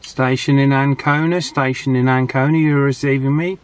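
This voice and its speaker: A man hosting a radio hobby vlog outdoors on high ground, chatting in a relaxed, thinking-aloud way. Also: normal speed, very noisy. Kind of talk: casual vlog narration.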